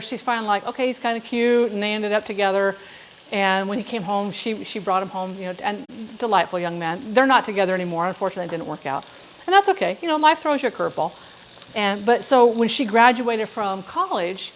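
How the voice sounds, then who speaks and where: Middle-aged lady hosting a home cooking stream, kinda high voice, chatty and rambling, pan sizzling quietly in the back. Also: slight background noise, poor audio. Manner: rambling, warm storytelling with frequent asides to viewers. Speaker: cooking show host. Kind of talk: chatty live cooking demonstration. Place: home kitchen. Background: sizzling frying pan.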